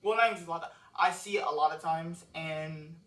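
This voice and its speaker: A man's voice: fairly high pitch, fast talker, fairly bright tone. A man casually explaining his own song lyrics, rambling and cursing freely, recorded at home on a cheap microphone. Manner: loose, rambling, curses freely. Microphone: cheap microphone with laptop and phone. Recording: roomy echo, mic set far off.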